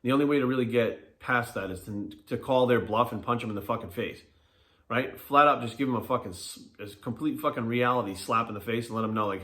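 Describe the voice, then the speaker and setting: Fast-talking, swearing male vlogger. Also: medium pitch, a bit bright. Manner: heated, swears constantly, acts out quotes. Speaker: personal trainer and vlogger. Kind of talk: casual profane vlog rant. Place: Fairfax, Virginia area.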